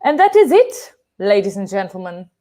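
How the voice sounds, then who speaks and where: A woman's voice: mid-range voice, very animated, normal speed, warm tone. A young woman from Poland with a Polish accent, co-hosting a casual live stream, chatty and laughing often.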